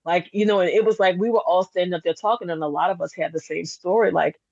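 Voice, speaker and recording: A woman's voice: on the low side, fast talker, no echo. Chatty woman telling a story, dull dry recording. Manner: animated, chatty storyteller with many fillers. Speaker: candle business owner, podcast guest. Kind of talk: casual podcast interview storytelling.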